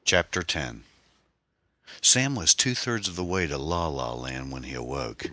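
Man, audiobook narration, very deep, bright tone, dry close mic. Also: expressive, unhurried, dry recording.

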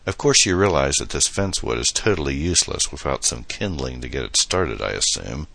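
A man's voice: very deep voice, lively intonation, a little fast, creaky, sharp tone, no echo, exaggerated voice. A man playing a playful, boastful young man who jokes with his date, in a storybook reading. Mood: joking. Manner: playful, mock-grand.

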